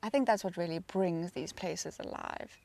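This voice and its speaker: A woman's voice: fairly low pitch, normal speed, creaky, a little mellow. A woman presenting a live safari broadcast, chatting easily and reading out viewer comments with a laugh.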